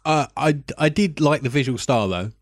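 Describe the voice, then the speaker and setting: A man co-hosting a podcast, chatting casually about a film in a dry, deliberate way with frequent ums. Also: fairly high pitch, no echo. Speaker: podcast co-host. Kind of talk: casual film review chat.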